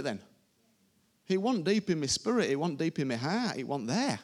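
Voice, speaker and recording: A man with a slightly high, sing-song, somewhat rough voice preaches at a normal speed to a congregation during a church service. His delivery is informal and emphatic, and he repeats his phrases.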